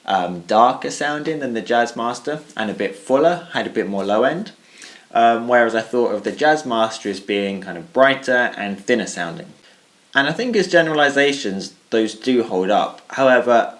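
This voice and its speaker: A man giving a measured spoken summary of a gear comparison, weighing his points thoughtfully and hedging often. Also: mid-range voice. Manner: thoughtful and even, hedging with "I think" and "kind of". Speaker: guitarist reviewing his own tone clips.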